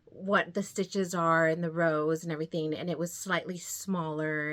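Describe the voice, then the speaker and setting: A woman talks casually to her viewers about her projects, a little out of breath from pregnancy. She rambles, circles back and laughs easily in a relaxed, chatty way. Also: low-pitched, unhurried. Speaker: knitting vlogger. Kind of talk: casual chat to camera.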